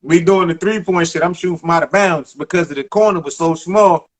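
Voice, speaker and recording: A man in his thirties from the Bronx with a New York accent, telling stories in a casual interview, animated, emphatic and profane. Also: on the high side, a little fast. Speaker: former basketball player, guest.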